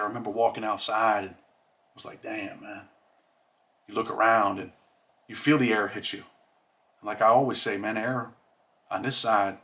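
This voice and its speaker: Streetwise man with a bright voice. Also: medium pitch. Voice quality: streetwise slang, says "man" often. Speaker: host. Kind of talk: casual monologue.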